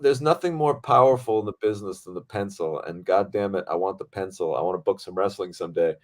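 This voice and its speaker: A man with a fairly low voice chats on a podcast about his days on set. He talks in an excitable, animated way and swears freely as the story builds. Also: quick pace. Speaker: podcast host and film director. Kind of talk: casual storytelling chat.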